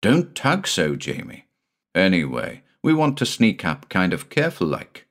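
A stern but kindly country doctor, brisk when he scolds his small son and teasing the rest of the time, as a man reading aloud plays him. His voice is low, but his delivery rises and falls with lively emphasis. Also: heavily acted.

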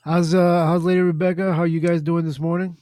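A man's voice: a little high, flat delivery, brisk, mellow, no echo, clean studio sound. A man hosting a casual group call, asking questions and bantering with laughter. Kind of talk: casual chat.

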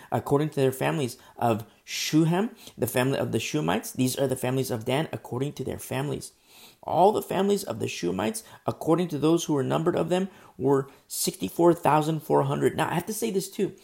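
A man preaching verse by verse, earnest and rambling, stumbling over hard names and pausing often because his throat is sore. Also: a little high, gravelly, a little mellow. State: sore throat, pauses to drink tea. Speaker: pastor. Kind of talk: verse-by-verse Bible teaching.

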